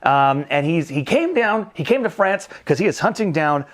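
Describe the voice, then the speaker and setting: Lively joking male movie-review host. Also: fairly high pitch, moderate pace. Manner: animated, joking, acts out movie lines in funny voices. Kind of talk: casual recap and commentary.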